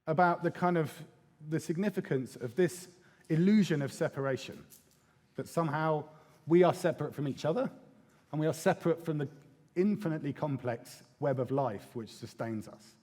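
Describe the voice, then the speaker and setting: A man giving a lively, irreverent conference talk, with casual swearing and small acted quotes. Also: high-pitched. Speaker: conference speaker. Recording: long hall reverb.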